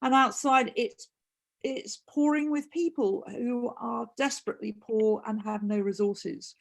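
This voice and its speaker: A woman speaking in a webinar discussion with a gravelly edge to her voice. She talks earnestly and often restarts her phrases. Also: on the high side, steady tone, a little slow. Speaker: co-host and consultant.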